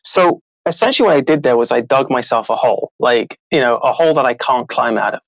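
Lively storytelling man, dry close mic. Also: mid-range voice, quick pace, vocal fry, no room sound, low-quality recording. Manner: animated, acts out quoted voices, laughs often. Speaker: podcast host and author. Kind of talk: casual storytelling chat.

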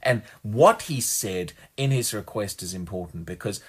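Husky-voiced man preaching earnestly. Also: lowish voice, animated, normal speed. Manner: earnest, emphatic, often repeats words while restarting. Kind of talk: sermon.

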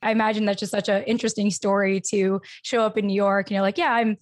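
A woman's voice: mid-range voice, flat delivery, fast, no room sound. A woman hosting a podcast interview, asking questions in a chatty way full of "you know" and "like". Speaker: podcast host. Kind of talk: casual interview chat.

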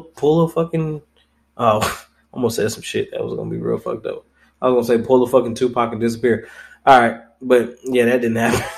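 A young man hosting his own podcast, talking alone in a casual, rambling way, blunt and full of swearing. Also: mid-range voice. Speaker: podcast host. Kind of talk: casual solo podcast commentary.

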